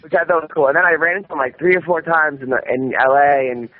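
A man telling a rambling, animated story in casual conversation, swearing often and restarting his sentences. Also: a little high, fast. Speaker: guest comedian. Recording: dull radio-style audio with faint noise.

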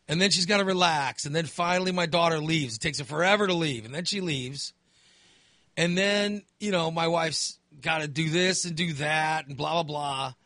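A man's voice: fairly high pitch, moderate pace, bright, forceful tone, no room sound, studio quality. A middle-aged man hosting a podcast, ranting in casual chat with plenty of profanity and exasperation. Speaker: podcast host.

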